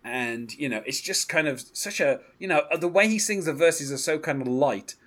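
A man's voice: fairly high pitch, animated, moderate pace, a bit bright. A man co-hosting a casual music podcast, talking loosely with many fillers and little laughs. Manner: chatty, many fillers, reads lyrics aloud. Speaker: podcast co-host.

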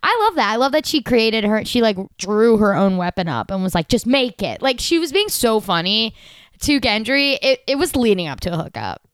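A woman's voice: fairly high pitch, big pitch swings, moderate pace, clear, resonant tone, no room sound, clean studio sound. A young woman in her twenties co-hosting a podcast, gushing about a show in casual chat, full of "like". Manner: bubbly, gushing, heavy use of "like". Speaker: podcast co-host.

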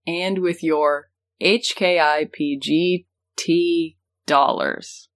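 Brief: unhurried, joking woman co-host of a casual comedy podcast. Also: sits low, fairly even intonation. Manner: playful, goofy, joking.

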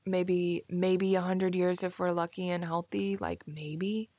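A young woman hosting a solo podcast, musing casually with many "like"s and soft asides. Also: fairly low pitch, level tone, slow, no room sound. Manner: casual, musing, filler-heavy with frequent "like". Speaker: podcast host. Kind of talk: reflective solo podcast monologue.

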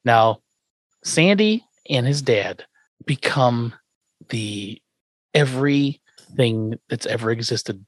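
A man casually recapping an old sitcom episode with co-hosts, acting out characters' lines in quick put-on voices and laughing often. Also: medium pitch, expressive, dry recording, clean studio sound. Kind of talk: casual chat.

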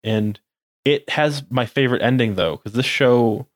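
A man's voice: medium pitch, moderate pace, no room sound, clean studio sound. A young man co-hosting a casual podcast chat, rambling with lots of "like". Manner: rambling, heavy use of "like". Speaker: podcast co-host.

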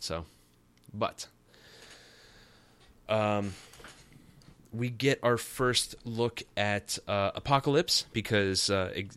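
A man's voice: low voice, bright, forceful tone, no room sound. A man hosting a podcast, recapping in a casual, wry and sarcastic way full of rambling asides. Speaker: podcast host. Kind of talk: casual comic recap chat.

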